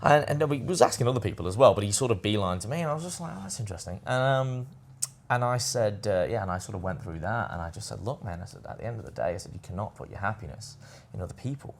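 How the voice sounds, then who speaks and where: A man's voice: fairly low pitch, expressive, fast talker, gravelly. A man hosting a podcast, telling a loose, rambling story full of "anyway" and "I said" in casual chat. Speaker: podcast host.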